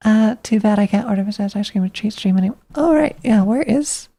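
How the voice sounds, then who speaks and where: Woman streamer, loose rambling chat, gravelly fry in her voice, mid-range pitch. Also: expressive, a little fast, warm tone. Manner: rambling, thinking aloud, talking to herself.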